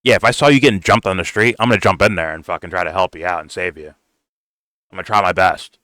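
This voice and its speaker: A man's voice: low voice, fast, sharp tone, no echo. Heated, foul-mouthed man ranting with force. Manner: blunt, heated, swears constantly, says "bro". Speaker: political commentator reacting to a video. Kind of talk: profane reaction rant.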